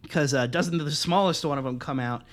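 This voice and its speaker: A young man co-hosting a podcast, telling a story in casual, profane chat and acting out the other voices loudly. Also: a little high, fairly quick. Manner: animated, profane, acts out quoted voices loudly. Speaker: podcast co-host.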